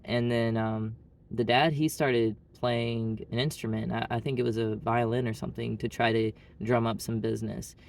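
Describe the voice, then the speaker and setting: A man's voice: mid-range voice, flat delivery, normal speed, creaky, slight background noise. A man from Arkansas with an Arkansas accent, telling a story in a blunt, rambling casual monologue full of "like". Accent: Southern US, Arkansas. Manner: blunt, rambling, heavy use of "like". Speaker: vlogger.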